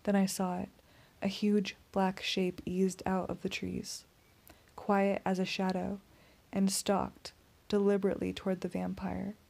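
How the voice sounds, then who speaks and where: A woman narrating a first-person audiobook in a steady, tense storytelling voice. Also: medium pitch, unhurried, creaky.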